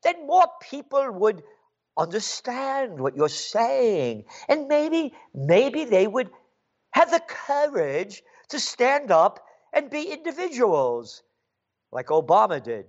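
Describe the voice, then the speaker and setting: A man's voice: very high-pitched, wildly swooping pitch, slow, highs cut off. A man delivering an angry, sarcastic political rant as a commentator. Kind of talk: ranting monologue.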